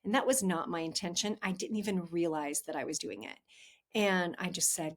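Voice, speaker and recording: A woman's voice: on the low side, animated, normal speed. A woman hosting a podcast, giving relationship advice in a chatty, candid way and talking straight to her listeners. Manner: chatty and candid, addresses listeners as "you guys". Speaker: podcast host, relationship coach. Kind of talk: casual advice monologue.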